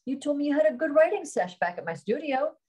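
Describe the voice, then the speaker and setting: A woman's voice: high voice, very animated, fast talker, mellow, voice pushed up. A woman reading as a bubbly, coaxing best friend. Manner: upbeat, coaxing, affectionate. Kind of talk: reading a novel aloud.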